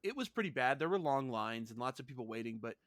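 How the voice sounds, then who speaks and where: A man co-hosts a casual podcast in a mid-range voice, talking fast. He's an animated storyteller who acts out lots of quotes, and the studio-quality recording has no room sound.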